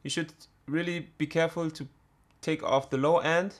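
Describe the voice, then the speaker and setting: A man's voice: on the high side, steady tone. Hesitant man explaining drum production. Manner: halting, many fillers and restarts. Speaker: music production tutor. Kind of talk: screen-recorded software tutorial.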